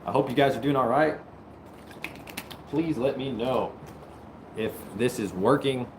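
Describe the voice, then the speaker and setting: A man hosting a casual live stream, greeting viewers and joking, at times breaking into loud mock-taunting. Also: medium pitch, measured pace, a little hiss or hum. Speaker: livestream host. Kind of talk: casual livestream chat with viewers.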